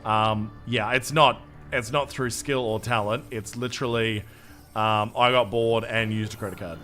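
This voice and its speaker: A man's voice: fairly low pitch, fairly even intonation, moderate pace, bright, forceful tone, faint music behind. An Australian man streaming a game, chatting casually with his viewers in a jokey, self-mocking way and swearing freely. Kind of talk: live gameplay commentary, reading chat.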